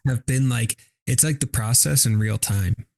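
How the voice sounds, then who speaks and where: Podcast co-host, man, low gravelly voice, dry close sound, thoughtful loose delivery. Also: normal speed, darkish tone, dry recording. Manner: thoughtful, loose, lots of "like" and "you know". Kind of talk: casual philosophical chat.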